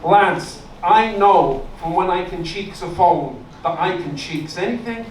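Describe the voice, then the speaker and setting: A man's voice: sits high, unhurried. A man voicing a boastful ex-prisoner with a Liverpool accent, recorded from a distance in an echoey club with room noise. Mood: bragging.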